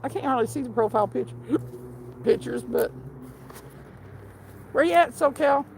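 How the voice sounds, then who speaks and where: A woman's voice: high voice, sing-song, normal speed, gravelly, darkish tone, a little hiss or hum, low-quality recording. A woman live streamer chatting casually and reading her chat aloud, laughing constantly.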